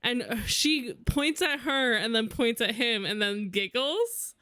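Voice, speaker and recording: A woman's voice: a little high, lively intonation, slow, sharp tone, no echo. Chatty woman podcaster, dry and close. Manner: chatty, lots of fillers. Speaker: podcast co-host. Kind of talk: casual podcast chat.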